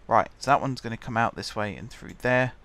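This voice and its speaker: A man's voice: medium pitch, fairly quick, gravelly, a bit bright. A man chatting casually as he plays a building game, muttering to himself while he builds. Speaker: gaming channel host.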